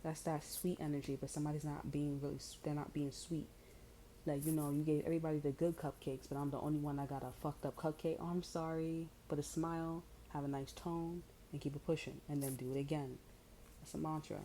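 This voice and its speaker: A woman with a low, mellow voice gives a loose, chatty tarot reading. She is blunt and swears freely, and her talk is full of fillers. A faint noise sits underneath. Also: level tone, brisk, low-quality recording. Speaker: tarot reader.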